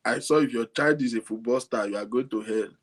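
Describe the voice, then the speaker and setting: Nigerian man, casual vlog commentary, incredulous, laughs a lot, mid-pitched voice. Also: fairly quick, slightly rough. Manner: amused, incredulous, laughs often. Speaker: vlogger.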